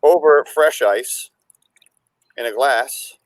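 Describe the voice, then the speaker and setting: A man's voice: medium pitch, slow pace, dry recording. An easygoing man with a mid-range voice chats casually while mixing a cocktail. He hesitates often with fillers. The sound is dry and close. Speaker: cocktail-making co-host. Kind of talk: casual chat, demonstrating a drink.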